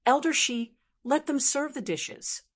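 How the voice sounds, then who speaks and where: A woman's voice: high-pitched, expressive, measured pace, voice pushed up. A woman voicing a composed young noblewoman who speaks lightly and coolly. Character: young noblewoman, calm, sharp-tongued clan leader.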